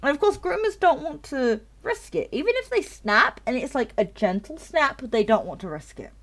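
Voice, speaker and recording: A tipsy woman streamer with a high, very animated voice talks at a normal speed during a live game stream. She chats casually and rants at length, rambling, swearing freely, and repeating herself.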